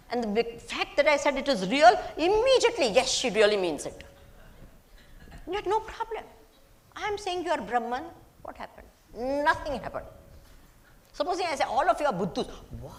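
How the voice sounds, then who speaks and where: A woman, giving a spiritual discourse as a Vedanta teacher to a live audience. She poses questions and answers them herself, and repeats words for emphasis. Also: sits high.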